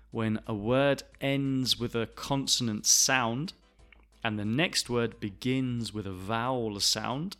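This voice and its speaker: Man, language teacher, slow careful delivery, bright forceful voice, demonstrates words by repeating them. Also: medium pitch. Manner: slow, deliberate, repeats phrases to demonstrate pronunciation. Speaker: English teacher. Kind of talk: language lesson explanation.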